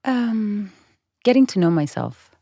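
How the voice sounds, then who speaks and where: A woman's voice: medium pitch, measured pace, gravelly, no echo, studio quality. A woman guest in a podcast interview, telling personal stories in casual chat and acting out what people said. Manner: expressive storyteller, acts out quoted voices.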